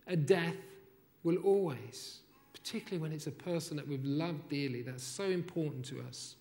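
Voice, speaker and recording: A man preaching a sermon, emphatic, rising to loud repeated phrases and then dropping soft. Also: on the high side. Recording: long hall reverb.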